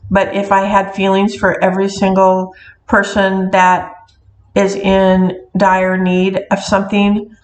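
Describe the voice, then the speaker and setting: A middle-aged woman, a witch who runs a metaphysical shop, talking casually in a rambling way with many ums and restarts. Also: medium pitch. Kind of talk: casual talking-to-camera vlog. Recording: echoey room.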